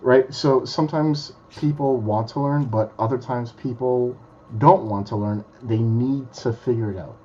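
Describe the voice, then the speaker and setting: Male podcast guest, blunt and foul-mouthed, mid-pitch, slightly muffled recording. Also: a little slow, dark tone, a little hiss or hum. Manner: blunt, swears freely. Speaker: guest magician. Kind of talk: casual podcast chat.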